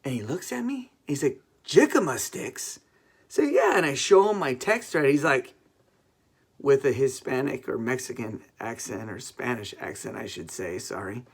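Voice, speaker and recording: A man's voice: medium pitch, animated, normal speed, gravelly, breathy edge. A man, a pastor, giving a casual devotional and telling a humorous everyday story with fillers and self-corrections.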